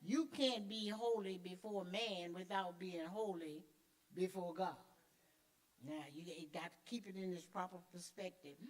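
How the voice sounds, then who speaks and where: A woman's voice: lowish voice, measured pace. A middle-aged woman teaching a church Sunday school class, emphatic and conversational, repeating key words and answering herself with little affirmations. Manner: conversational with call-and-response fillers.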